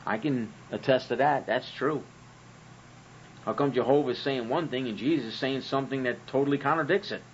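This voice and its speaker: A man's voice: medium pitch, fairly quick, a little hiss or hum. Man, host, sarcastic profane monologue, dull audio. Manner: sarcastic and profane, uses rhetorical questions. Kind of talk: comedic monologue on religion.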